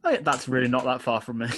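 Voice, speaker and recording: A man hosts an interview in a chatty, self-deprecating way, quick to laugh. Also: medium pitch, a bit bright, a little hiss or hum. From England. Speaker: podcast host. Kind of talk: casual interview chat.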